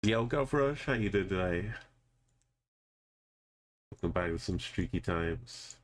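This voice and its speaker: A man's voice: sits low, lively intonation, takes it slowly. A man streaming a geography game, thinking aloud casually and greeting viewers in chat. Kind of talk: casual live gameplay commentary.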